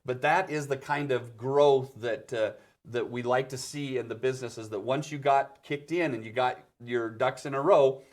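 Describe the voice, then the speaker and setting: A man's voice: medium pitch, fairly even intonation, moderate pace, few pauses. Encouraging male business show host. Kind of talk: interview chat.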